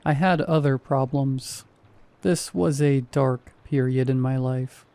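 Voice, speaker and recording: A man reading a first-person horror story aloud in a measured, even storytelling manner. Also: medium pitch, dry recording. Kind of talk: scripted horror story narration.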